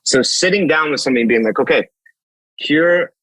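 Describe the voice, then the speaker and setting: A man in his thirties, a fitness coach, talking in an animated podcast conversation, telling stories and acting out dialogue with casual swearing. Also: fairly high pitch, fairly quick, no echo, poor audio. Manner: energetic, storytelling, acts out dialogue, swears casually.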